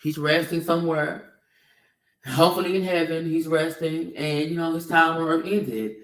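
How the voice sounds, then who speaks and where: A man's voice: fairly high pitch, fairly even intonation, normal speed, fairly bright tone, far from the mic. Heated, cursing man in an echoey room. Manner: heated, emphatic, profane, repetitive. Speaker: video commentator. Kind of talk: ranting opinion vlog.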